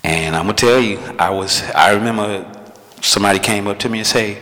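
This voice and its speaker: A man preaching with a bright, forceful tone, talking conversationally and acting out the voices of people he quotes. His voice rings with a long reverb from a large hall. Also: lowish voice, brisk. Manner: conversational, animated, acts out quotes. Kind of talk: sermon with personal testimony.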